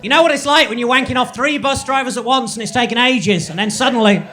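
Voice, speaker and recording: A man doing stand-up comedy, delivering one-liners in a deadpan way to a laughing club audience. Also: very high voice, fast talker, noisy background.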